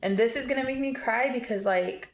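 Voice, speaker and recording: A woman's voice: fairly high pitch, a little fast. Emotional rambling woman in an echoey room. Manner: emotional, rambling storytelling with many fillers and restarts. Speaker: vlogger. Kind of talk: casual storytime vlog.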